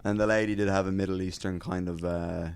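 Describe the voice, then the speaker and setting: A man with a deep, creaky but clean-toned voice tells a lively stand-up story at a brisk pace during casual podcast chat. He acts out crowd voices and swears freely.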